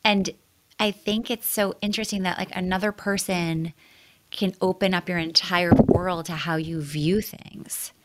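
A woman's voice: fairly low pitch, fairly even intonation, measured pace, slight background noise. A woman co-host chatting casually about a guest. Her delivery is effusive and openly emotional. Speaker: podcast co-host. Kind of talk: casual chat.

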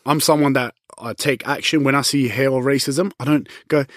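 A man's voice: medium pitch, fairly even intonation, normal speed, a bit bright, dry recording, studio quality. A man in casual chat, telling a story bluntly, swearing freely and acting out the exchanges he quotes.

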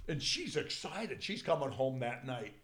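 Speaking at a measured pace in a husky, medium-pitched voice, an older studio interview guest spins a long, lively anecdote. He's casual and animated, cursing often and laughing in bursts.

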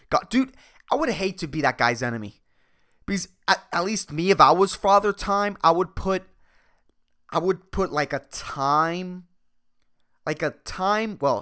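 A woman hosting her own podcast delivers a solo comedic monologue, ranting profanely and with exasperation. Her voice sits low yet fairly bright, and she rambles with restarts and filler words.

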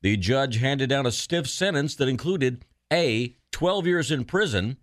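A man co-hosting morning radio, telling jokes slowly and deadpan. His pitch swings widely and the sound is dry and close. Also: no echo. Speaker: radio show co-host. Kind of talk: morning radio comedy banter.

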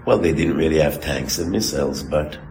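Low-voiced rabbi telling a parable in a sermon, quotes then translates, echoey hall. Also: male voice, brisk, a little mellow, a little hiss or hum. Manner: emphatic, rhetorical questions. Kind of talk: sermon of encouragement.

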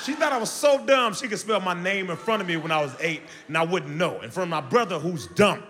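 A man doing an animated stand-up comedy routine with playful crowd work, loud and lively, recorded live on stage. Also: high voice, brisk. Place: live show venue with audience. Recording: live stage mic, hall echo, crowd laughter.

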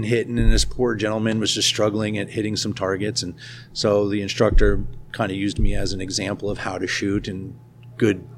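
A man guest in a casual interview, telling stories in a relaxed way with quick asides. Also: on the low side, a little hiss or hum. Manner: storytelling, laughing, quick asides.

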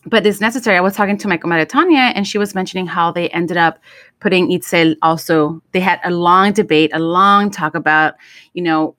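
A woman's voice: fairly low pitch, steady tone, a little fast, fairly bright tone, no echo, clean studio sound. Woman chatting, Spanish words mixed in. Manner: mixes Spanish into English. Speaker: podcast co-host. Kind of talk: casual chat.

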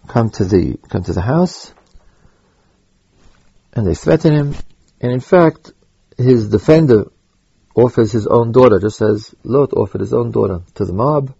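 A man teaching a Torah lesson, halting and repeating words as he thinks aloud, with Hebrew terms mixed in. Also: medium pitch, lively intonation, gravelly, mellow, husky, dry recording, dull audio. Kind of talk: spoken Torah lecture.

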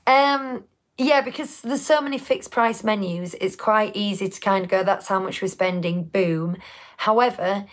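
A woman's voice: medium pitch, moderate pace. A woman co-hosting a casual live show, chatting in a rambling way with many restarts. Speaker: podcast co-host. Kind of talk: casual live-stream chat.

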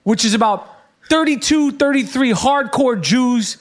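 A middle-aged man hosting a podcast, ranting profanely and bursting into shouts. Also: very high-pitched, expressive, measured pace. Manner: swears heavily and shouts in bursts. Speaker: podcast host. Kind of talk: profane, animated podcast rant.

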